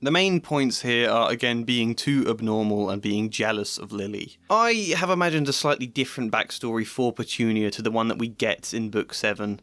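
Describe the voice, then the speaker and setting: A man's voice: on the low side, fairly bright tone, dry recording. Thoughtful man explaining a book rewrite. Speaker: video essayist. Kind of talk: analytical commentary on his own rewrite.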